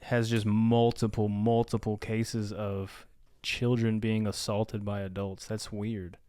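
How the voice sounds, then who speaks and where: Laid-back male podcast co-host, smooth, resonant voice, dry close sound. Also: lowish voice, little pitch movement, slow pace, dark tone, dry recording. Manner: laid-back, short agreeing replies. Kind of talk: casual chat.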